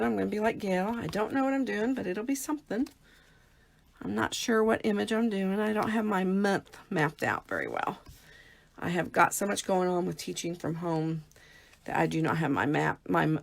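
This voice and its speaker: A woman's voice: medium pitch, creaky, a little hiss or hum. A middle-aged woman hosting a casual live craft demo from home, chatty and talking through each step as she works. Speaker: papercraft host.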